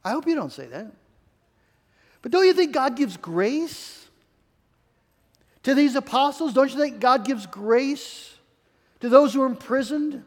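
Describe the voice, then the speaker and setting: Man, pastor, earnest sermon, repeats phrases, high-pitched voice, long hall reverb. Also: expressive, unhurried, long pauses. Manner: earnest, repeats key phrases, many restarts.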